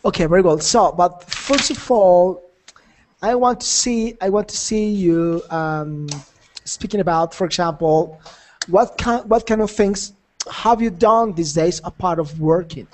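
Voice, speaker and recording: A man's voice: high-pitched, unhurried, a little hiss or hum. A man teaching an English conversation class, encouraging and repetitive, laughing often.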